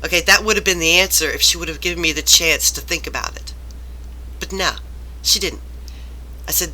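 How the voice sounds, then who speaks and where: A woman's voice: lowish voice, a little fast, pauses often, pushed and bright. A woman vlogger ranting about work, rambling and exasperated, turning self-reflective. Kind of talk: rambling personal rant to camera.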